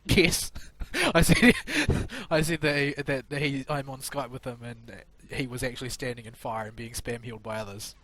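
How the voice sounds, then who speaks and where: Brief: man, mid-pitched, sardonic gamer on a headset, dry wit. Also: moderate pace, few pauses, a bit bright. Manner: dry, sarcastic grumbling. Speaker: gamer on voice chat. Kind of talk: casual gaming chat.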